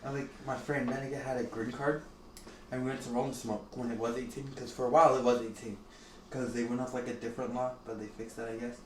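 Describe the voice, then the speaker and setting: A man's voice: medium pitch, level tone, fast. A young man co-hosting a podcast, telling rambling stories in casual chat and laughing often. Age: young adult. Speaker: podcast co-host. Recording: echoey room, distant mic, clear background noise.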